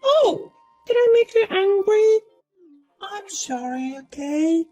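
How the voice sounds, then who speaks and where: A woman's voice: very high voice, sing-song, takes it slowly, mellow, voice pushed up, heavily acted, low-quality recording. A woman voicing a smug, boastful young woman who taunts and mocks in a sing-song way. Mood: smug taunting. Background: faint music.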